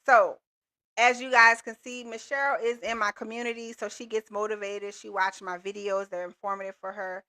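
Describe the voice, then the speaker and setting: A woman's voice: medium pitch, little pitch movement, normal speed, pushed and bright. A woman hosting a live call-in coaching stream, talking in an upbeat, motivational and casual slangy way. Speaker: business coach and livestream host. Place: Texas.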